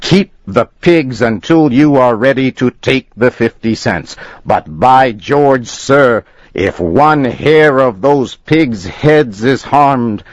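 A man voicing a furious, indignant gentleman customer who shouts and sputters. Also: medium pitch, expressive, takes it slowly, no echo, pitched above the performer's own voice. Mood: outraged. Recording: dull lo-fi recording.

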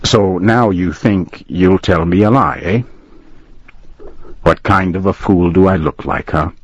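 A man voicing a little gray-haired older shop owner who speaks quietly, coldly and sarcastically. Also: low-pitched, measured pace, no room sound, dull audio. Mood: sarcastic. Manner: quiet, cold, sarcastic questioning.

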